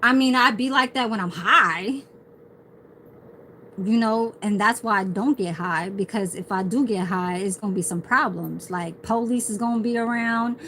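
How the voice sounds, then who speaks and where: A woman's voice: medium pitch, normal speed, bright, forceful tone, a little hiss or hum, rough recording. A woman ranting casually on a livestream, swearing heavily as she tells a rambling story.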